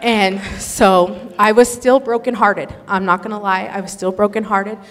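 A woman telling an emotional religious testimony in an earnest, animated storytelling manner. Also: mid-range voice, normal speed. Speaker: speaker sharing a testimony. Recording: echoey hall.

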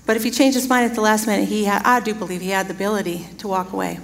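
A woman's voice: mid-range voice, steady tone, rapid-fire, creaky. A woman preaching a sermon, telling a personal story in a chatty way, laughing often and acting out quoted dialogue. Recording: reverberant hall.

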